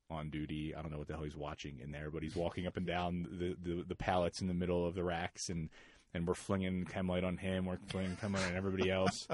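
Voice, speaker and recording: A man co-hosting a casual podcast chat, telling a story in a loose, relaxed way and swearing freely. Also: deep voice, no echo, clean studio sound. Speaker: podcast co-host.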